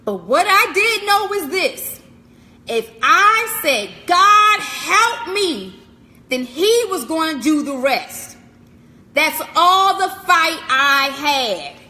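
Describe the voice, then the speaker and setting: A woman's voice: high-pitched, very animated, takes it slowly, bright, forceful tone, long reverb tail. A woman speaker giving a live-streamed inspirational message, preaching emphatically with repetition and direct address to the listener. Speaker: motivational speaker.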